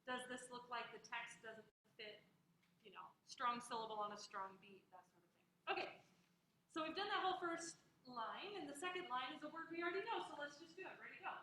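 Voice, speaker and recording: A woman teaching a classroom lesson, encouraging her students and drilling pronunciation slowly, word by word. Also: high voice, lively intonation, pushed and bright. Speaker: music instructor. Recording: echoey classroom, faint noise.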